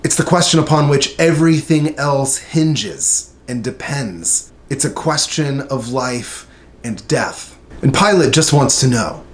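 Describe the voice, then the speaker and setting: A man teaching a short Bible study, reading scripture aloud in an earnest, measured way with emphatic pauses. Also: mid-range voice.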